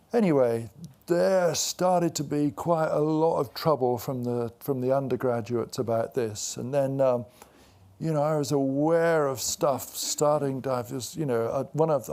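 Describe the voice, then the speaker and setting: A man in his sixties speaks in a live onstage conversation. He wanders through anecdotes, stopping and restarting with plenty of fillers. His pitch sits in the middle range. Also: darkish tone. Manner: rambling anecdotal storyteller with many fillers and restarts. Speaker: author and guest. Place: event before a live audience.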